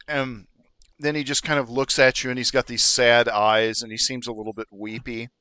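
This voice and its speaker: Bright-voiced man running a tabletop game. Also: medium pitch, flat delivery, a little fast, clean tone, no echo. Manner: explanatory, with restarts. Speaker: dungeon master.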